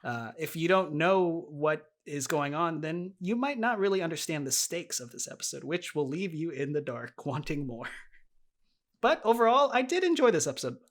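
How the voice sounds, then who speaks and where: A man's voice: on the high side, big pitch swings, moderate pace. A man co-hosting a podcast in casual recap chat, enthusiastic and teasing, laughing often. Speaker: podcast co-host.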